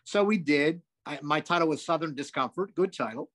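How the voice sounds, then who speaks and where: A man's voice: fairly high pitch, brisk. Older man telling rambling profane stories. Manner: animated, profane, rambling with asides. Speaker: comedian guest. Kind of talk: anecdotal storytelling.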